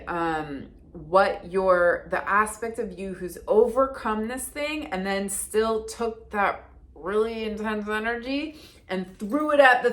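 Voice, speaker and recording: A woman giving a casual, intuitive card reading, talking in a chatty, earnest way with lots of "like" and restarts. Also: mid-range voice. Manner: chatty and earnest, heavy use of "like". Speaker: card reader and deck creator.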